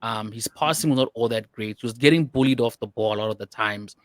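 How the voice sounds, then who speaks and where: Male co-host, medium pitch, chatty and rambling, dry recording. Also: quick pace, no echo. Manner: rambling, frequent "you know" and restarts. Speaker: podcast co-host. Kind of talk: casual football chat.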